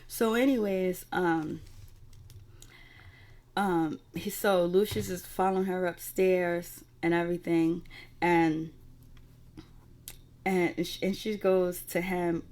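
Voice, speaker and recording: A woman's voice: on the low side, fairly even intonation, slow, pauses often, darkish tone. A woman casually recapping a TV episode in a rambling, profane way with lots of fillers. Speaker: TV recap reviewer.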